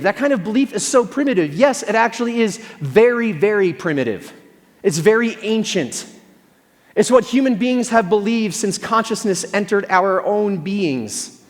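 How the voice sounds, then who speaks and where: A man preaching a sermon in a church hall, telling stories in an animated, conversational way with self-deprecating humor. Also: sits high. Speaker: pastor. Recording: long hall reverb.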